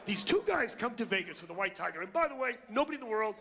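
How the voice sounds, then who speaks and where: Brief: male stand-up comic in his sixties, high gravelly voice, abrasive ranting set, live stage mic with faint noise. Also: very animated, fast talker. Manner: loud, ranting, insulting delivery. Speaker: stand-up comedian. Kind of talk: stand-up comedy routine. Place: comedy club stage with a live audience.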